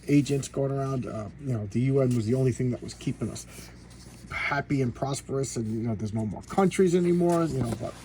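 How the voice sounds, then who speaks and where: Hosting his own comic review video, a man with a mellow, medium-pitched voice talks casually and sarcastically, rambling with lots of restarts and asides. The recording is rough, with slight background noise.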